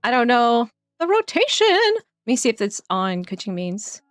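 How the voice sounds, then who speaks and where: A woman's voice: a little high, sing-song, a little slow, dry recording, faint music behind. A woman casually commenting while playing a game on stream, chatty and laughing often, trailing off as she thinks.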